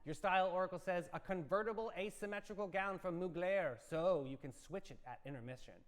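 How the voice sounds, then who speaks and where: A high-pitched man co-hosts a morning talk show, reading horoscopes and spinning comic stories with upbeat theatrical flair. His voice rings out with a long, hall-like reverb around it. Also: fairly quick. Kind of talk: playful horoscope and story segment.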